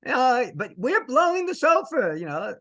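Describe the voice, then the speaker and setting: A male rabbi telling a story in a lively way, mixing in Hebrew phrases and laughing between lines. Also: very high-pitched, moderate pace. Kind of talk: storytelling to an audience.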